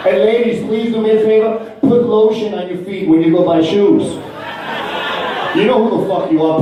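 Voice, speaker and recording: A man's voice: high-pitched, normal speed, heavy reverb, distant mic, a crowd in the background, noisy background. A man performing a brash, profane stand-up comedy set in a club, acting out other people's voices. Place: comedy club stage before a laughing audience.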